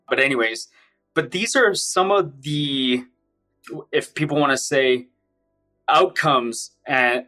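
Guy with a bright forceful voice telling his story, runs it all together, soft music behind. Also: medium pitch. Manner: intense, run-on storytelling. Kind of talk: personal account, casual storytelling.

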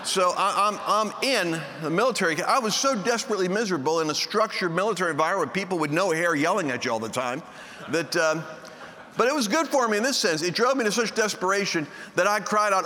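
Animated and quick, his high voice sounds pushed and bright as he preaches to a live audience. The man jokes and acts out quoted voices in his stories, in a large meeting hall recorded with long reverb and faint background noise.

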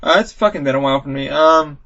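A man hosting a podcast in casual chat, excitable and swearing a lot, acting out game moments with loud yelps. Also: a little high, fast, gravelly. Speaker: podcast host. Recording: dull lo-fi podcast audio.

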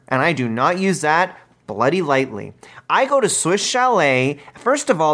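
A man co-hosts a comedy podcast and rants with petty, blunt indignation. His pitch swings up and down as he talks. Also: fairly bright tone. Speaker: podcast co-host.

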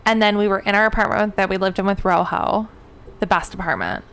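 Woman, young adult, casual chat, animated storytelling, swears a lot, crisp bright tone. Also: mid-range voice, brisk. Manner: animated storyteller, swears freely, mimics sounds.

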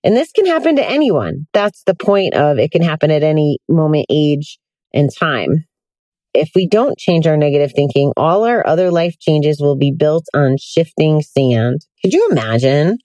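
A woman's voice: sits low, expressive, moderate pace, warm tone, no echo. Tired woman podcasting from her car. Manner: chatty, candid, with many fillers. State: tired, yawning. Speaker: podcast host. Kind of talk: casual self-help podcast monologue. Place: sitting in a hot car.

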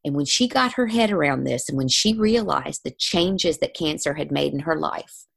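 Low, gravelly woman telling stories. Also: normal speed. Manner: animated, acts out quoted voices. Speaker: guest, spiritual healer. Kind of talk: storytelling in conversation.

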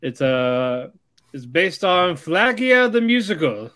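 Slightly high-voiced male podcast host. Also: big pitch swings, slow, a bit bright. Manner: reads out news items, shuts down jokes dryly. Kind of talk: casual chat.

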